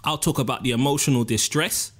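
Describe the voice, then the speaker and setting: A man's voice: mid-range voice, fast, fairly bright tone. A man, co-hosting a podcast with joking, slangy banter. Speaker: podcast co-host. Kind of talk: casual chat.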